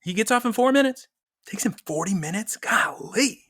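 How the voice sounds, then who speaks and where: Here the young man co-hosting the podcast has a high, fairly bright voice and an animated delivery at normal speed. It's a dry, studio-quality recording of casual chat full of rambling stories and laughs.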